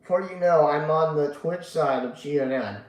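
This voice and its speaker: A sleepy, yawning man hosts a casual live stream, reading chat aloud and rambling with lots of fillers and casual swearing. His voice is fairly high at a moderate pace, and the audio is poor, in an echoey room.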